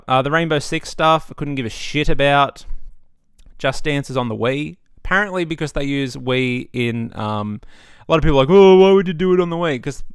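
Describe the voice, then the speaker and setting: A man's voice: mid-range voice, fairly bright tone, smooth, no room sound. Young guy, home-setup gaming rant, sarcastic and sweary; resonant, dry. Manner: ranty, sweary, sarcastic asides. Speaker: gaming vlogger. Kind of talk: casual opinion rant.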